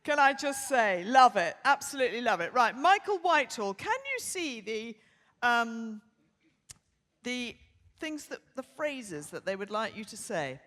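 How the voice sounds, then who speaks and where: An older English woman co-hosting a live podcast show, brisk, bossy and quick to laugh. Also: a little high, sing-song, a bit bright. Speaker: podcast co-host. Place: theatre stage before a live audience. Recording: long theatre reverb.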